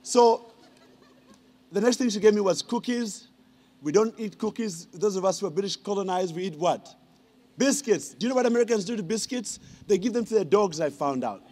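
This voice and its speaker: High-voiced man telling stories. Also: moderate pace. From Uganda. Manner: animated, teasing the audience with questions. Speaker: honorary degree recipient giving a speech. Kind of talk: humorous ceremonial speech, storytelling.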